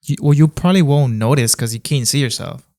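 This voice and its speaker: A man's voice: medium pitch, fairly quick, a little mellow. A man in a casual podcast chat who speaks in a laid-back way, mostly with brief interjections.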